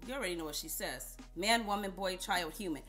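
A woman's voice: on the low side, a little fast, fairly bright tone, soft background music. A woman vlogger telling chatty, playful stories straight to her viewers. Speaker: beauty vlogger. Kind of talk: casual storytelling vlog.

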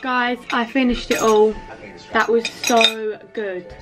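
A woman's voice: a little high, flat delivery, slow, over music. A young woman chatting casually to viewers in a vlog, giggly and talkative. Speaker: vlogger.

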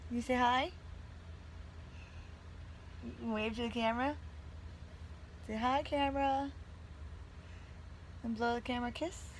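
A mother in a casual home video, asking her small child gentle questions in a sing-song voice. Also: a little high, fairly even intonation, moderate pace, a little hiss or hum, poor audio. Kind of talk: home video chat with a toddler.

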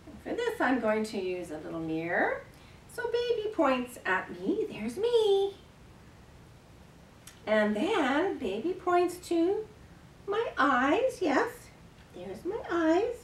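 A playful woman librarian sings and chants nursery rhymes for babies in a slow, lilting voice that rises high and swoops widely. She is recorded from some distance in an echoey room. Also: big pitch swings, slight background noise. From Canada. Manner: gentle, playful, exaggerated gasps and animal sounds. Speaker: children's librarian leading baby rhyme time. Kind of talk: sing-song rhymes and action songs for babies.

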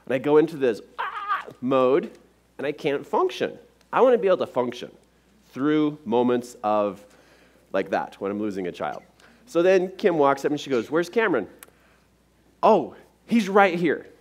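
Animated, lively male seminar speaker. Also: mid-range voice, moderate pace. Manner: animated, acts out the dialogue in his stories. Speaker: motivational speaker. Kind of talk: personal story in a live seminar. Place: speaking to a live audience.

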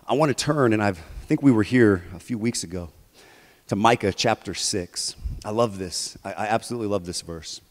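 A man preaching a sermon as pastor, animated, moving between quiet and loud passages. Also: on the low side, a little fast, in a large hall. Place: church sanctuary.

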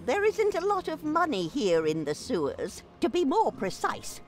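An actress voicing a sharp-tongued, eccentric old woman in a video game, speaking in a haughty, dramatic way. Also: sits high, huge pitch swings, moderate pace. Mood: dry. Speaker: game character.

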